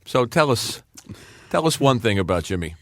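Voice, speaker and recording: A man's voice: medium pitch, big pitch swings, moderate pace, no echo, studio quality. A man hosting a podcast, laughing easily and prompting his guest. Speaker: podcast host. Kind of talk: casual chat.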